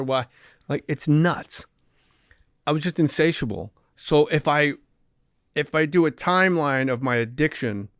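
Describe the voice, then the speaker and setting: A man hosting a podcast, telling animated, wry stories about his life in comic storytelling style. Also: mid-range voice, clean tone, no echo, clean studio sound. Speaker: comedian podcast host.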